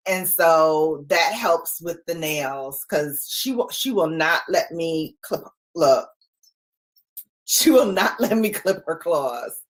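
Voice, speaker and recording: A woman in her forties talks casually to her live audience from home. She laughs often and keeps a playful tone. Her delivery is unhurried, and her voice rises and falls widely. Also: low-pitched, expressive. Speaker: livestream host. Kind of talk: casual chat with live viewers.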